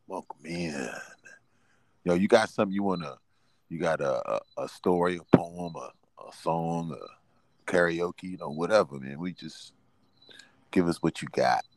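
A man's voice: low voice, measured pace, long pauses, no echo. A man hosting a casual live stream, loose and laughing as he coaxes callers to perform.

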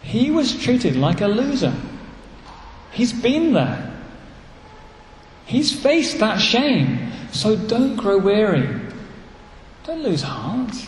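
A man with an English accent preaching a sermon as a pastor, earnest and animated, repeating key phrases. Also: sits high, slight background noise. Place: church. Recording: echoey church hall, faint ambience.

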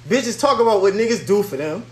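A man's voice: high voice, expressive, brisk, a little mellow. A young man in casual group chat, blunt and profane, telling stories with animation. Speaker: panel member. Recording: echoey room with crowd behind.

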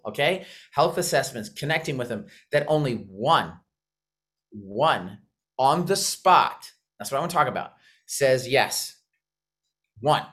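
A man giving a high-energy motivational training talk on a video call, fast and intense, eager for the audience to respond. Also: fairly bright tone. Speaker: coach mentor on a video call.

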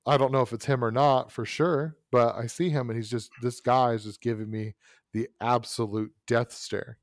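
A man's voice: mid-range voice, no echo. Man, storyteller in casual chat, many restarts, dry sound. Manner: animated storyteller, lots of fillers and restarts.

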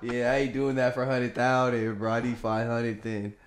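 A man's voice: mid-range voice, completely flat delivery, moderate pace, background noise. A man chatting casually in slang, laid-back and a little hesitant, with frequent fillers. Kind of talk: casual banter.

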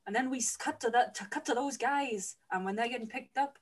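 A woman's voice: a little high, brisk. A woman host retelling a movie plot for laughs, chatty, laughing often and swearing casually. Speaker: podcast host. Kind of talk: comedic movie recap.

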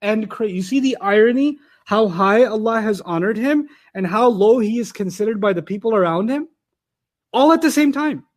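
A man's voice: high-pitched, expressive, moderate pace. A man giving an explanatory lecture on scripture, reading out Arabic terms and then explaining them in plain words. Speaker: Quran teacher.

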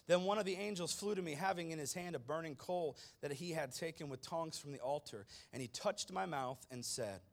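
A man preaching a sermon to his congregation, speaking dramatically and addressing listeners directly, swinging from hushed tones to loud emphasis. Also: medium pitch, brisk. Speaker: pastor.

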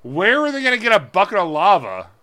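A man's voice: high-pitched, very animated, quick pace, bright, forceful tone. A man co-hosting a podcast, bantering casually and playfully stubborn in his jokes. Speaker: podcast co-host.

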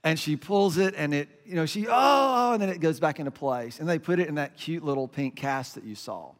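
A man's voice: fairly high pitch, a little fast, in a large hall. A middle-aged man, a pastor, giving a conversational sermon with self-deprecating stories and lots of fillers.

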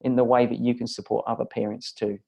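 Flat, gravelly-voiced man, earnest guest. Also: medium pitch, fast talker, lo-fi sound. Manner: earnest, encouraging, steady. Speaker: church parenting ministry leader, guest.

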